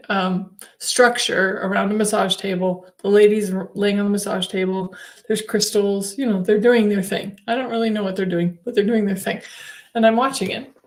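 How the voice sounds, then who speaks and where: Chatty woman telling a spiritual story. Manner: chatty, laughs often between sentences; animated, swings her voice up high when acting out her own replies. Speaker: spiritual livestream host. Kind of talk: casual livestream storytelling.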